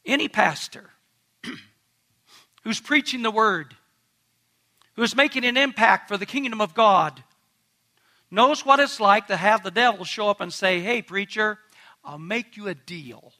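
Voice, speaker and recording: A man's voice: high voice, unhurried, pauses often, bright, forceful tone. A man pastor preaching a sermon in an earnest, emphatic way, asking the congregation direct questions.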